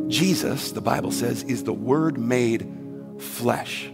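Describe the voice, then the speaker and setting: A pastor delivering a sermon in a casual, conversational way, swinging from hushed asides to loud, emphatic points. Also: male voice, mid-range voice, lively intonation, slow, creaky. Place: church sanctuary. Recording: long hall reverb, faint music behind.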